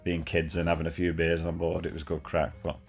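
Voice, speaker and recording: A man's voice: low voice, monotone, brisk, gravelly, faint music behind. A man, telling a chatty, laddish story in a voice message, full of fillers. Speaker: caller sending a voice message.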